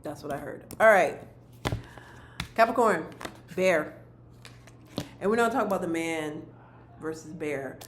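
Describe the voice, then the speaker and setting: A woman's voice: low voice, expressive, measured pace, pauses often. Woman doing a card reading for viewers, earnest, keeps repeating herself, roomy echo, bit of hiss behind. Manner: earnest, repeats key phrases, speaks directly to viewers. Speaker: spiritual card reader.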